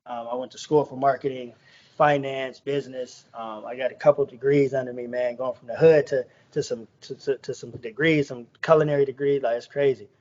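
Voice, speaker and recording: A man's voice: mid-range voice, fairly even intonation, brisk, darkish tone. A young adult man, a guest chef, chatting casually on a podcast and telling stories in slang, acting out what people said to him. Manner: slangy storytelling, acts out quoted dialogue. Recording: dull lo-fi podcast recording.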